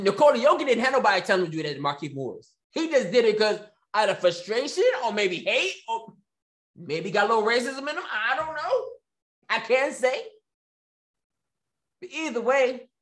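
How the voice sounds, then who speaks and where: A man's voice: high-pitched, a bit bright. A man hosting his own commentary show, ranting with sarcasm and repeating phrases for emphasis. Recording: echoey room.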